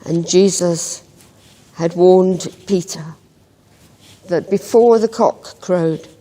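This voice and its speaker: Brief: unhurried female devotional reader, mellow tone, long church reverb. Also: mid-range voice. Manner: slow, gentle storytelling with reflective pauses. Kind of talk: scripted Bible story narration.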